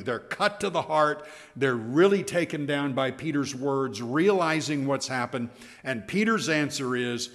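A man teaching an evening Bible class, animated and emphatic, often restarting his sentences. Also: a little high, normal speed. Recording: long hall reverb.

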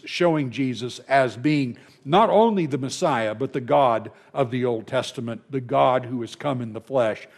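A man at mid pitch teaches a Bible class, his voice carrying a gravelly edge. He talks through passages in an unhurried way, checks in with the listeners and repeats words as he restarts.

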